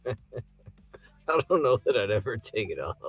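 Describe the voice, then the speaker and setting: A man's voice: fairly low pitch, sing-song, unhurried. Laid-back man joking on a podcast. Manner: laughs often, loose joking banter. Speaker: podcast co-host. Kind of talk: casual movie review chat.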